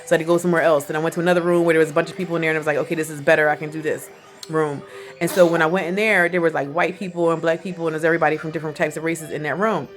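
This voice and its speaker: A woman in her forties talking in a casual commentary vlog, animated and chatty, often laughing as she speaks. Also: sits low, very fast, soft background music. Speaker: vlogger.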